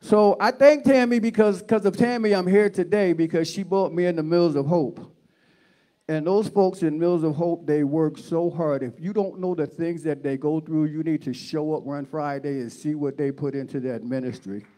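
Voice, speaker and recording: A man preaching a guest sermon in high-energy call-and-response style. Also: normal speed, mellow.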